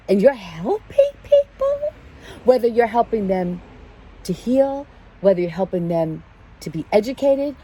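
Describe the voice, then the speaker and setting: A woman's voice: fairly low pitch, mellow, a little hiss or hum. A woman giving a casual spiritual card reading in a preachy, emphatic way, repeating her key phrases. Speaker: tarot card reader.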